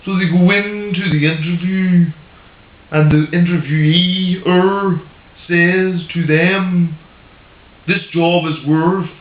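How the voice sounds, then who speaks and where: A man telling a long joke slowly and deliberately. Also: sits high, echoey room, highs cut off. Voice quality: slow, drawn-out delivery. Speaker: joke teller.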